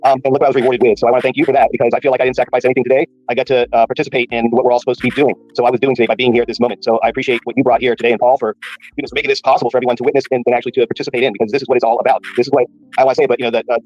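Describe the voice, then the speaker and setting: A man's voice: mid-range voice, little pitch movement, racing, a little mellow, dry recording, faint music behind. A man on an online podcast panel, giving wry, chatty thanks. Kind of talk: casual call-in panel talk. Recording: dull, dry call audio.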